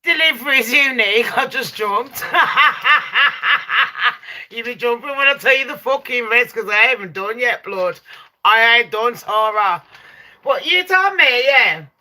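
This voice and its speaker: A young woman telling a ghost story to her live chat, loud and sweary, laughing and shrieking as she goes. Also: a little high. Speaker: live stream host.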